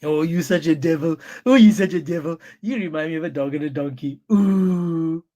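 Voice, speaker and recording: A man's voice: on the high side, normal speed, dark tone, natural voice. A man voicing a domineering husband who talks in a taunting, sing-song way.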